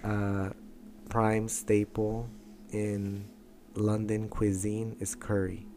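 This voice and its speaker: A man's voice: on the low side, monotone, very slow, a little mellow. A man co-hosting a casual podcast chat, teasing and joking around. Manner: teasing, joking, mock voices. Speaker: podcast co-host.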